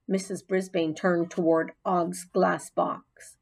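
Narrating a children's audiobook in a lowish voice, a woman tells the story expressively and without hurry, voicing every character differently.

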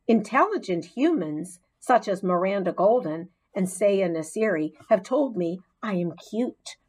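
A woman narrating a children's storybook in the voice of a chatty hamster classroom pet, with expressive storytelling. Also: mid-range voice. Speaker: audiobook narrator.

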